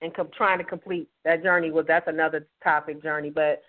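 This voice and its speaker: A woman's voice: low voice, fairly even intonation, brisk. Emphatic woman on a tinny phone line. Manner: emphatic and heartfelt, quotes dialogue. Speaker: guest author. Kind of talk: candid personal testimony. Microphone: telephone call-in.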